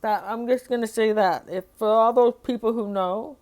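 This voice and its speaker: A woman's voice: a little high, moderate pace, darkish tone. A woman talking through a hard day in a personal diary vlog, rambling and emotional, with sighs and nervous laughs. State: upset and overwhelmed. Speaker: vlogger.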